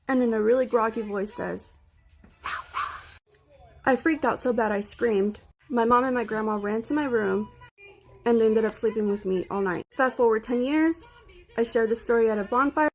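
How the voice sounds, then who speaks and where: A young woman in her twenties recounts a spooky childhood story straight into her phone. She sounds blunt and wry, swearing freely. Her voice sits a little high. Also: a little hiss or hum. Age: 20s. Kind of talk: casual storytelling to phone camera.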